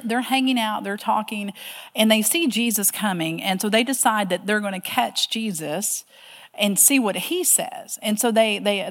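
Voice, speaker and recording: A woman teaching a Bible study class in a chatty, animated way with self-deprecating asides. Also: mid-range voice, big-room sound.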